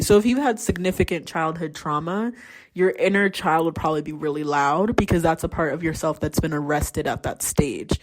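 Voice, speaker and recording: A young adult woman hosting a podcast, talking candidly in a casual solo monologue and swearing freely. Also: on the low side. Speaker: podcast host.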